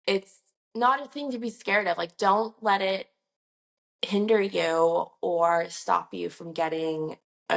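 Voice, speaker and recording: A woman who works as a nurse injector talks casually to camera in a vlog, her lowish voice marked by vocal fry. She's chatty and reassuring, and she rambles as she goes.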